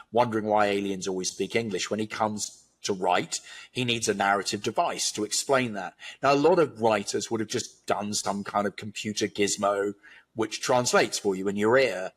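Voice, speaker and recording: Low husky guy thinking out loud, talks in long thoughtful runs. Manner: thoughtful, philosophical, expansive. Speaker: guest commentator. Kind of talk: reflective conversation.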